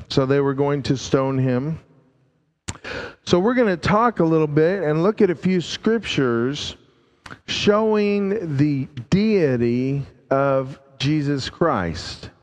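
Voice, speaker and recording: A man preaching a sermon, slow and emphatic, drawing out key words and dropping his voice low to stress them. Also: in a large hall.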